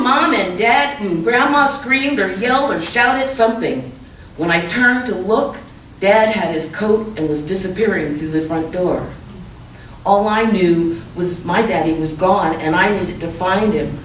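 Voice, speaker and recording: A woman author reading a chapter of her young adult novel aloud at a measured, soft-spoken pace. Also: medium pitch, a little hiss or hum. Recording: echoey room, mic far off.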